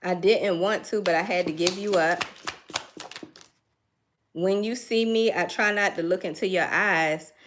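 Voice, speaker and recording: A woman's voice: lowish voice, fairly even intonation, measured pace, pauses often, noisy background. Chatty woman doing a tarot reading. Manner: chatty, thinks aloud, laughs now and then. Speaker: tarot reader.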